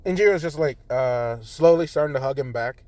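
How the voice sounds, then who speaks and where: A man's voice: medium pitch, fairly quick, darkish tone, no room sound. A man improvising a fan story in a rambling, casual way, full of fillers, recorded on a phone.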